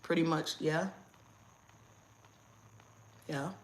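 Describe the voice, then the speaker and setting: Woman host, lower-pitched, blunt and animated casual livestream chat from home. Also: very slow. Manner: blunt, animated, laughs often.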